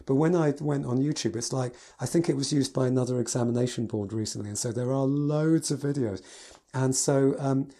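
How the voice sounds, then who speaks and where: Mellow-voiced man gushing over pieces. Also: mid-range voice, a little fast. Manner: enthusiastic, gushing with adjectives. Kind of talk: casual spoken review from notes.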